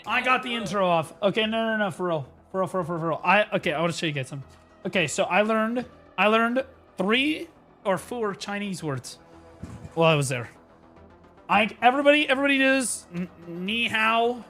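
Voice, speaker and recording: Guy streaming, bright punchy voice, rambly and hyped, yells now and then, faint music in the back. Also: high-pitched, fairly quick. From United States. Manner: rambling, excitable, full of restarts and sudden shouting bursts. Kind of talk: casual live-stream chat.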